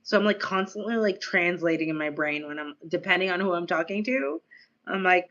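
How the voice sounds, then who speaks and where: American woman, casual streamer, hint of Australian lilt, rambling and filler-heavy, bright tone. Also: lowish voice, measured pace, highs cut off. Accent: American, slightly Australian-tinged. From United States. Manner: chatty, rambling, lots of "like" and laughing asides. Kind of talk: casual live-stream chat.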